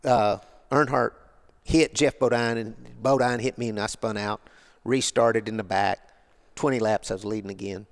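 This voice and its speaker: A man's voice: lowish voice, fairly even intonation, moderate pace, few pauses. An older man, a guest on an interview show, telling rambling, colloquial stories in a casual way. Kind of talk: casual storytelling.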